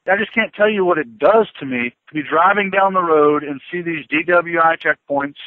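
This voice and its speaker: A man's voice: fairly high pitch, dry recording. A man, a police chief, talking earnestly and with strong feeling as a guest in a radio interview. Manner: earnest, emotional, impassioned. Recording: tinny phone line, dry.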